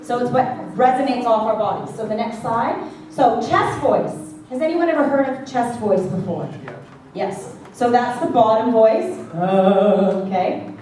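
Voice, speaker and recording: Using a handheld mic, a vocal coach leads a worship singing class in a classroom or church hall, chatting playfully and demonstrating each point with short sung exercises. She has a fairly high, slightly mellow voice and an unhurried pace. The recording is distant and echoey, with faint background noise.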